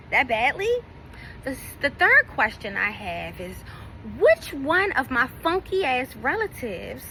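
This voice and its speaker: A high, bright-voiced woman tells a personal story straight to her viewers. She talks bluntly and swears freely, with an indignant edge, and a faint hum sits behind her. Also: low-quality recording. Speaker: vlogger. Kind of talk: casual storytime rant.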